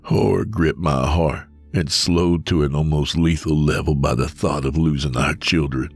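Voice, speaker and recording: A man narrating a first-person horror story in a calm, measured way. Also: a bass voice, breathy edge, no room sound. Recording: soft music under voice.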